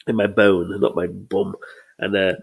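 Husky man with a thick tongue. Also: low voice, little pitch movement, a little slow. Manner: teasing, laughs a lot, swears casually. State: thick-tongued after face surgery. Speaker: podcast co-host. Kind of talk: casual podcast chat.

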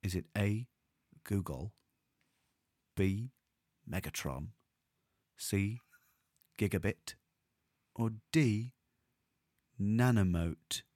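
A man's voice: on the low side, drawn-out words, pauses often, a little mellow, dry recording, studio quality. A man co-hosting a casual podcast, running a quiz and joking around. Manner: teasing, jokey quizmaster. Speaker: podcast co-host.

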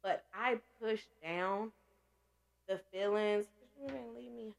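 A woman's voice: medium pitch, takes it slowly, vocal fry. A woman candidly telling a personal story in casual chat, emotional and laughing through tears. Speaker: podcast guest sharing survival story.

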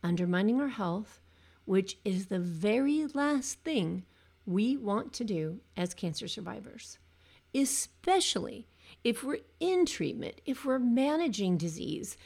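A woman gives a motivational talk as a coach, earnest and direct. Her voice has a gravelly fry at the edges, at an ordinary mid pitch. She slips into her clients' words as she speaks. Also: darkish tone. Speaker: coach for cancer survivors.

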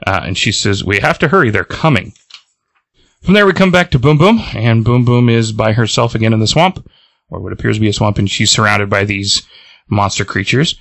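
A man's voice: on the low side, expressive, fairly quick, gravelly, fairly bright tone, dry recording. A man cohosting a podcast, casually recapping a comic plot, rambling with fillers and chuckles.

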